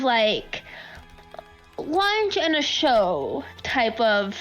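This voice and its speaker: A woman narrating as game master of a tabletop game, rambling with lots of fillers and quick to laugh. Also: a little high, expressive, a bit bright, muffled recording, faint music behind.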